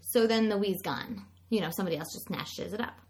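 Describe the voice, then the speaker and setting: A woman hosting a podcast, chatting casually and telling a family story in an expressive way. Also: mid-range voice, a little fast. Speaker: podcast host. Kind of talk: casual chat.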